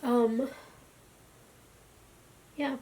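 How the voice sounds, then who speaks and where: A young woman talks into her camera at home, slow and drained, her slightly high voice sinking into soft, near-whispered stretches. She pauses often and strings her thoughts together with "like." A faint hiss sits under her voice. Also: fairly even intonation. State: tired and drained. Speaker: vlogger. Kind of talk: personal video diary. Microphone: camera mic.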